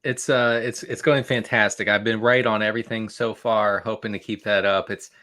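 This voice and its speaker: A man's voice: lowish voice, level tone, normal speed, sharp tone. A man guesting on a fantasy football podcast, rambling and repeating words as he talks. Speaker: guest analyst.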